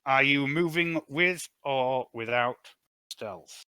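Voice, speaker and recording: A man serving as game master for a tabletop session, his voice bright and forceful. He talks in a halting, thinking-aloud way, full of ums and uhs. The sound is close and dry, with no room echo. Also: medium pitch, clean tone. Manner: thinking aloud, hesitant with fillers. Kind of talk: running a tabletop role-playing game.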